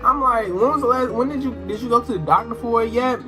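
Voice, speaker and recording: Young man, high-pitched, casual storytime vlog, animated, profane slang, faint music behind. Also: fast. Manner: animated, swearing slang-heavy storytelling with exclamations. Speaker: storytime vlogger. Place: indoor room, sit-down recording.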